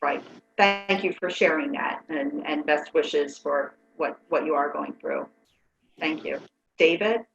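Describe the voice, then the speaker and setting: A woman's voice: low voice, unhurried, roomy sound, dull audio, music in the background. Upbeat woman leading a webinar exercise. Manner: upbeat, encouraging, laughs often. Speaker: webinar facilitator. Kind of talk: guiding a group exercise. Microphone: video call.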